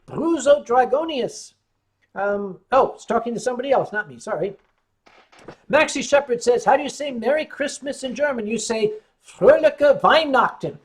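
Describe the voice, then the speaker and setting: A man's voice: very high voice, lively intonation, moderate pace. A man hosting a casual livestream, reading out chat comments and answering with wry, rambling jokes while tipsy on wine. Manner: wry, joking, rambling storyteller.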